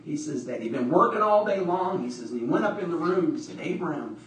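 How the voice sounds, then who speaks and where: High-voiced preacher in an echoey church. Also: male voice, animated, fast, far from the mic, a little hiss or hum. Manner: repetitive, with call-and-response from the congregation. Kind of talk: sermon. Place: church hall, livestreamed service.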